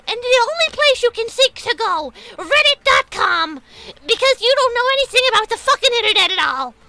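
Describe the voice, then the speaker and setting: A woman voicing a whiny, pedantic online commenter in a squeaky, tight-jawed baby voice for a comedic rant. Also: sing-song, fairly quick, a crowd in the background, full character voice. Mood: mocking.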